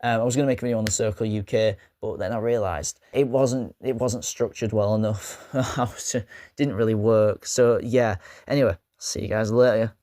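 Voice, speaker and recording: A man's voice: on the low side, fairly even intonation, normal speed, mellow, dry recording, studio quality. Rambling joking man hosting a vlog. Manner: rambling, joking, self-mocking asides. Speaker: YouTube host. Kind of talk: casual vlog commentary.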